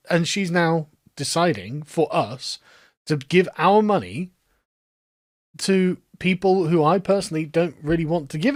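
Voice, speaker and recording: A man's voice: high-pitched, no echo, clean studio sound. A man ranting in a sarcastic, exasperated commentary and laughing mid-rant. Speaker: political commentator.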